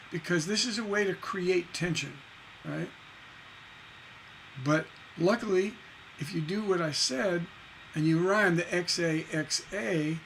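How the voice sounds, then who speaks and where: A middle-aged man teaching songwriting on a livestream, emphatic and lively, reciting and half-singing lyric lines as examples. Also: sits high, gravelly, a little hiss or hum, low-quality recording. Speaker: songwriting instructor.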